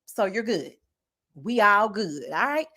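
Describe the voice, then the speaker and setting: A woman's voice: mid-range voice, unhurried, slightly rough. A young woman hosting a casual live recap of a reality show, talking with sass, slang and plenty of shade. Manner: sassy, animated, throws shade with slang asides. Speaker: host of a reality-show review channel.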